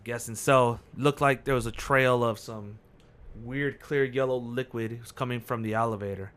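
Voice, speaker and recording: A man's voice: medium pitch, steady tone, normal speed, fairly bright tone, clean tone. A man playing a tabletop game, talking in short, clipped sentences and swearing casually. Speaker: player. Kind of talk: casual tabletop play in character.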